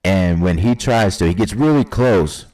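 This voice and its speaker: A man's voice: deep voice, lively intonation, measured pace, darkish tone. A man casually talking through his wrestling predictions, rambling and hesitant with many fillers, sometimes quoting imagined fans and wrestlers. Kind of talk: casual solo prediction talk.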